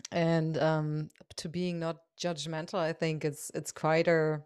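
A woman hosts a podcast, asking questions in a hesitant, musing way and pausing on fillers. Her voice sits low for a woman and sounds dry and close to the mic. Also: level tone, darkish tone, smooth, no room sound. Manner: hesitant, thoughtful, many fillers. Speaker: podcast host. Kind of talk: casual podcast interview.

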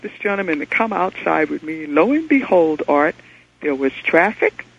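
A man from New York City calling into a radio show, earnestly and excitedly telling a personal story over a dull telephone line. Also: on the high side, normal speed, gravelly, breathy edge. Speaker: caller.

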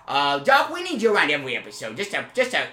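Rambling comedy podcast host, lively pitch. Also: male voice, echoey room. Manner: rambling, halting with many fillers, suddenly emphatic. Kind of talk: improvised comedy podcast banter.

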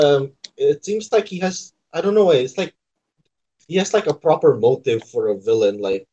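Relaxed teasing male podcast co-host. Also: mid-range voice. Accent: Indonesian. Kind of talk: casual chat. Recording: dull lo-fi sound.

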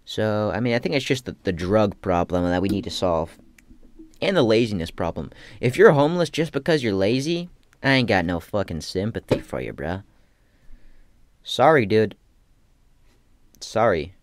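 A man's voice: on the low side, expressive, moderate pace, pauses often. A young man talking in a casual rambling monologue, slangy and profane, with lots of restarts. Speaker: aspiring comedian.

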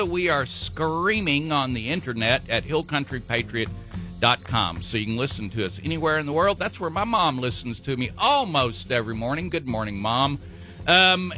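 A man's voice: fairly high pitch, bright, forceful tone. A man hosting a local talk radio show, rambling with many fillers and self-corrections.

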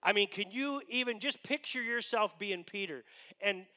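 A male pastor delivers a sermon in a high, bright voice. He tells the story in a chatty way and sometimes drops to a hush. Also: moderate pace. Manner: conversational storytelling, dropping to hushed tones.

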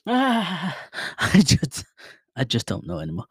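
A man's voice: a little high, unhurried, breathy edge, no room sound, studio quality. Rambling man in his thirties podcasting. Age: 30s. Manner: rambling, self-deprecating, bursts of loud excitement. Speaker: podcast host. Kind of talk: casual solo podcast chat. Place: home room, alone. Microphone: desk mic set to far mode, about a foot away.

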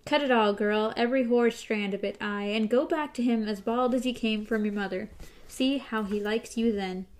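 A woman's voice: on the high side, normal speed, darkish tone, lightly acted. A woman reading out an old hag speaking through a hypnotized girl, with a light dialect lilt. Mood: menacing.

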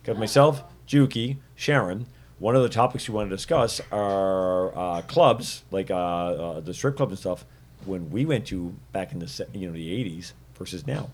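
A man's voice: low voice, moderate pace. A man co-hosting a casual podcast chat from Canada, rambling and restarting his sentences. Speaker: podcast co-host.

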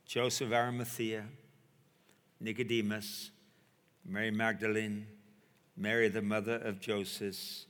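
A male preacher delivering a sermon, telling a story with dramatic pauses and emphasis. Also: fairly low pitch, little pitch movement, a bit bright. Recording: echoey hall.

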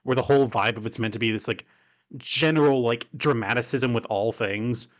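A man's voice: mid-range voice, brisk. A man co-hosting a podcast, chatting casually about films in a rambling way, full of "like" and casual swearing. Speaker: podcast co-host. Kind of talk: casual film discussion.

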